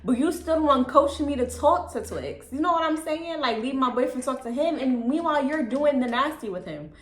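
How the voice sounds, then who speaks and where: A young woman telling a casual storytime, chatty and candid, with a calm, low-key delivery and lots of "like" and "you know what I'm saying.". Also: brisk, reverberant. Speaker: vlogger.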